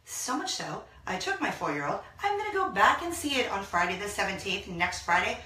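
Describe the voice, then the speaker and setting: A woman in her thirties hosting a casual vlog from a small laundry room, talking excitedly and gushing to her viewers. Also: a little high. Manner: gushing, excitable, bursts into song. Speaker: vlog host. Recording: echoey small room, mic at a distance.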